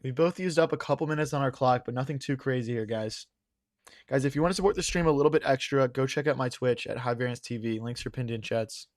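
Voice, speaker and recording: A man's voice: medium pitch, quick pace, no room sound. A young male streamer talks through chess moves in a loose, chatty way, calling his viewers guys. His voice is a little worn from hours of talking. The sound is dry and close, with no room around it. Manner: thinks aloud, chatty, addresses chat as guys. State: losing his voice. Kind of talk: casual live-stream commentary.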